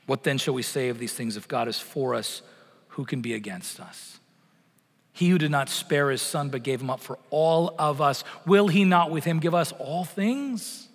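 A middle-aged man preaching a sermon, swelling loud on promises and sinking to a near-whisper at the ends of phrases. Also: on the high side, normal speed, husky. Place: church sanctuary. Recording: long church reverb.

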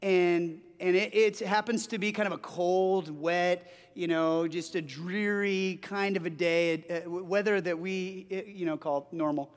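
Man in his forties, pastor, sermon, high voice, animated storytelling, long hall reverb. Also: unhurried, hardly any pauses, clean tone. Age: 40s. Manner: animated storytelling with frequent restarts. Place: church sanctuary.

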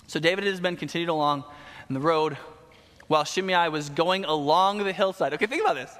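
A man preaching a sermon, retelling a Bible story in a casual, animated way with slang asides. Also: on the high side, brisk. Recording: long hall reverb.

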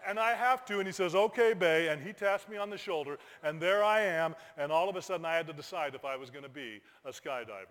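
A middle-aged man, a pastor, telling a lively personal story in a sermon, bursting into shouted exclamations. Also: on the high side, fast, hardly any pauses. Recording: long hall reverb.

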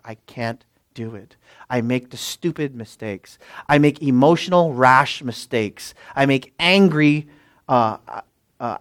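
A pastor preaching a sermon and leading a closing prayer, swinging from loud exclamations to hushed asides. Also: male voice, fairly high pitch, dry recording.

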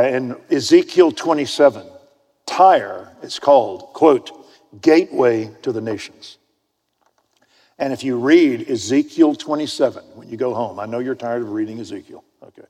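Male preacher, husky voice, storytelling sermon, swings between loud emphasis and near-whispers, big reverberant hall. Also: medium pitch. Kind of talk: sermon with personal anecdote. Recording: long reverb of a large hall.

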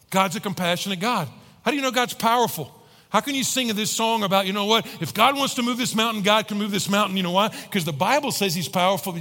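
A man preaching a sermon to a large congregation, animated, often acting out voices and joking with the crowd. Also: high-pitched, vocal fry. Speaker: pastor. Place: large church hall with about fifteen hundred people. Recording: long hall reverb.

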